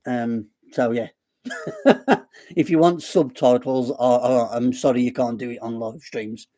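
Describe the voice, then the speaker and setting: A man's voice: medium pitch, steady tone, moderate pace, mellow. A man with a Black Country accent hosting a casual live stream, rambling and self-deprecating as he chats. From Black Country, West Midlands.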